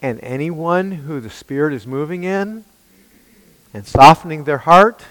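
A man preaching a sermon in an emphatic way, asking his listeners rhetorical questions and swinging between loud and hushed passages. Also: a little high, a little slow, no room sound, rough recording.

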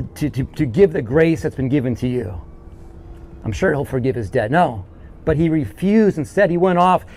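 Guy preaching a sermon, pretty high voice that swings all over, acts out the people in the story. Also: slight background noise. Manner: animated, acts out quoted characters in the story. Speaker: pastor.

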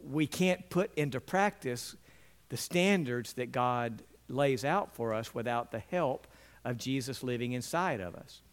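Earnest man preaching a sermon. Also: unhurried. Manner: earnest, quotes biblical figures in lively voices, drops low and quiet for emphasis. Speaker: pastor.

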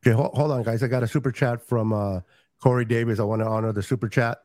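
A man chatting excitedly on a video call as a fan-show panelist. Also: mid-range voice, fast talker, slight background noise. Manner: excitable, talks over others. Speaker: guest panelist. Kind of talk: casual chat.

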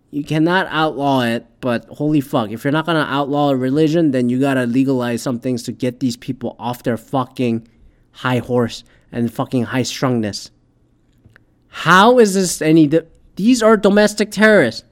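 A man hosting his own show, delivering a heated, profanity-laden opinion rant that swings between loud outbursts and quieter asides. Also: on the high side. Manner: heated, swears constantly, shifts loud and soft. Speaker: podcast host.

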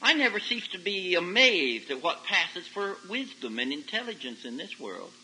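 A man preaching a folksy sermon to young people, telling stories and rising to loud emphatic peaks. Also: sits high, normal speed, a little hiss or hum, low-quality recording. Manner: folksy, animated storytelling with sudden loud rises. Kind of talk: sermon to a youth service. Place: camp meeting service. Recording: old 1990s radio broadcast recording.

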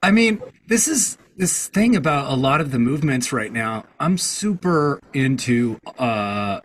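A man's voice: medium pitch, animated, unhurried, slight background noise, poor audio. A man hosting a casual chat, rambling along with many fillers and restarts.

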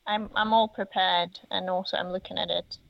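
A woman's voice: mid-range voice, fairly even intonation, normal speed, gravelly, no echo. A woman co-hosting a podcast, chatting casually in brief, matter-of-fact remarks. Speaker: podcast co-host. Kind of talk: casual chat. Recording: dull, slightly muffled sound.

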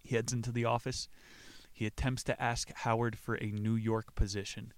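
A man's voice: mid-range voice, level tone, moderate pace. A man hosting a podcast, retelling a play in a casual, profane way and laughing as he acts out the characters' lines. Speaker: podcast host.

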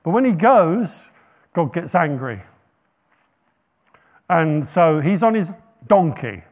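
Male preacher, lively dramatic storyteller, high voice, makes asides. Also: slow. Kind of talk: sermon storytelling.

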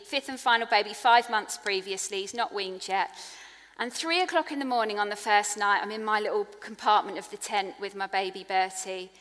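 A woman preaching a sermon in an earnest, personal way, growing hushed on tender points. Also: mid-range voice. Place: church hall. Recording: long echo of a large hall.

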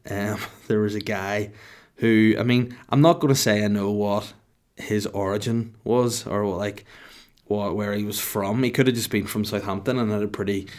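A man's voice: fairly low pitch, steady tone, moderate pace, a little mellow. A man in his thirties hosting a podcast, telling a rambling comic story in a jokey, self-mocking way. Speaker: podcast host.

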